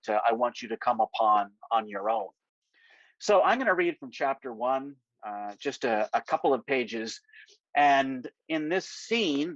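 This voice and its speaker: Animated man reading his novel. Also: fairly high pitch, no echo. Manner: animated, casual, with fillers. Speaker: author. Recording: dry, slightly dull lo-fi sound.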